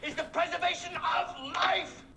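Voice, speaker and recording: An actor playing a prim, high-strung young surgeon with precise diction who bursts into shouting fits, in a 1970s film comedy. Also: male voice, little pitch movement, moderate pace, background noise. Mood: lecturing. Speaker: lecturing professor.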